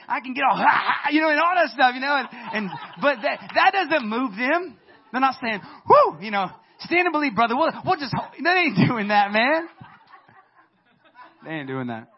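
A man with a high voice preaches a sermon, chatty and animated, swinging from soft asides to loud bursts. The recording is dull and lo-fi. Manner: animated, conversational preaching with laughs and sudden loud peaks. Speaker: pastor.

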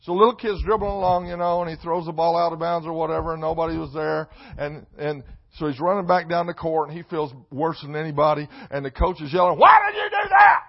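High-voiced preacher, shouting his points. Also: fairly even intonation, fast talker, gravelly, few pauses. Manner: swings from soft asides to shouted emphasis; repeats key phrases for emphasis. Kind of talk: sermon. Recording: dull lo-fi sound.

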